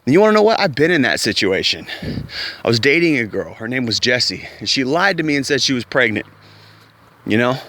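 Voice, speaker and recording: A man at an ordinary pitch rants heatedly to camera, swearing and hammering his points with repeated words. His voice is recorded close and dry, with no room echo. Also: bright, forceful tone. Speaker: vlogger. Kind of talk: opinion rant to camera.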